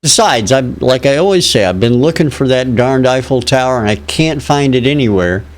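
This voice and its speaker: A man's voice: medium pitch, expressive, normal speed. A man from Illinois co-hosting a live show, chatting in a laid-back, joking way. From Illinois, United States. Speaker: co-host. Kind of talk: casual live show chat.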